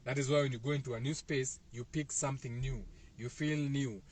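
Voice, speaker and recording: A fairly quick, medium-pitched male voice with fairly even intonation belongs to a Kenyan host with a Kikuyu-speaking accent. He gives a casual, rambling spiritual wellness talk to viewers, meandering and repeating himself with lots of fillers.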